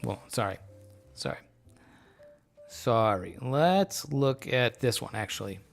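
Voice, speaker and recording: A man hosts a relaxed live stream and explains things at an unhurried, meandering pace. He fills his sentences with ums and jokes along, slightly tipsy. Soft music plays faintly behind his voice. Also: medium pitch, vocal fry. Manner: slow, rambling, many fillers; relaxed, joking. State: a bit tipsy from beer. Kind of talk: casual live-stream chat.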